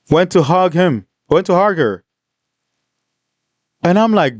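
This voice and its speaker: A man hosting a livestream, reading comments and telling a story in an animated, repetitive, indignant way. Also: fairly high pitch, measured pace, long pauses, no echo. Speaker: livestream host.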